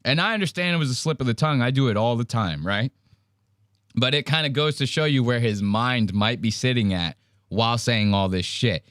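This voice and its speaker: Loud profane mocking podcast host man. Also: medium pitch, fairly quick, no room sound, clean studio sound. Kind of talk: casual commentary podcast.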